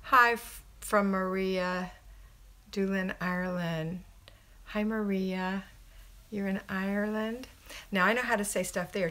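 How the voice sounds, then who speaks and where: A chatty middle-aged American woman talking to viewers on a live stream from her home. She keeps an upbeat, friendly manner, reading off names and giving practical household tips, her pitch sitting in an ordinary middle range. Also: steady tone, takes it slowly, pauses often, pushed and bright. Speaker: homemaking coach and livestream host. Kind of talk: casual live-stream chat, greeting viewers then giving advice.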